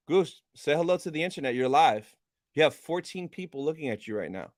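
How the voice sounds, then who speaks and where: A young man hosting a live stream, chatting casually and excitedly while reading viewer comments aloud. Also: medium pitch, moderate pace. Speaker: livestream host.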